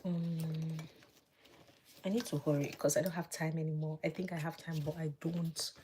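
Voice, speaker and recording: A woman vlogger chatting casually as she does her makeup live, thinking aloud and dropping to soft murmurs while she works. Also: low-pitched, flat delivery, normal speed, a little hiss or hum. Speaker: beauty vlogger.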